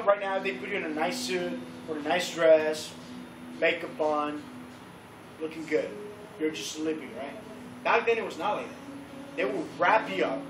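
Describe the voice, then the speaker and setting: A man with a fairly high voice tells a story to a church youth group in a loose, lively way and slips into excited voices for the crowd. He sounds far from the mic in an echoey room, with a faint hiss behind him. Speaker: youth leader. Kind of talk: casual youth-group teaching. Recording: roomy, distant recording with faint background noise.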